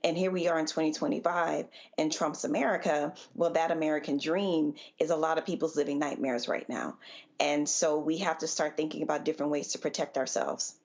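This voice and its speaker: A woman panelist who speaks earnestly and deliberately, with emphatic stress on key points. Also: low-pitched, steady tone, a little mellow. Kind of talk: live panel commentary. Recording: dull lo-fi remote audio.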